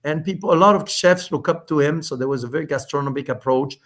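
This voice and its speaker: Animated middle-aged man. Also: on the high side. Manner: animated, quick bursts with many restarts and fillers. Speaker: spirits company founder, podcast guest. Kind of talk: storytelling in a casual interview.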